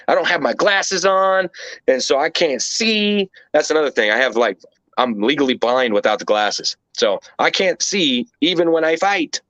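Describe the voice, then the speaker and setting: A man's voice: mid-range voice, a bit bright, dry recording. A man being interviewed, telling a story casually and animatedly, with plenty of swearing and rambling asides. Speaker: interview guest. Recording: dull lo-fi dry recording.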